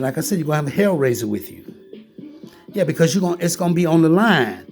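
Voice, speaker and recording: A man's voice: a little high, sing-song, quick pace, creaky, a little mellow, soft background music. A man delivering a heated, repetitive ranting monologue, talking straight at the listener and often calling him "man". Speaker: vlogger.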